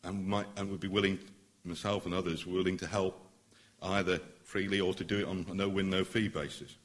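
Earnest deep-voiced barrister giving a speech. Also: male voice, flat delivery, fairly quick. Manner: earnest, emphatic, building to forceful points. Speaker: barrister addressing a public meeting. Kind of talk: public speech.

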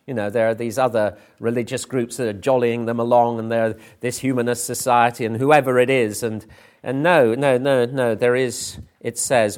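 A middle-aged or older man preaching a sermon, emphatic and full of rhetorical questions. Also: medium pitch.

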